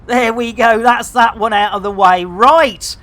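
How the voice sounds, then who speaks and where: A man's voice: extremely high pitch, a little slow, fairly bright tone. A man chatting through a live game stream, joking with innuendo and giving mock public announcements. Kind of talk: live gameplay stream chat.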